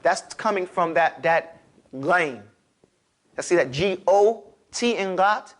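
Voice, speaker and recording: Lively New York man teaching a class. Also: high voice, slow pace. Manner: lively, animated, pushes students to repeat. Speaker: Arabic teacher. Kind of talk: classroom lecture.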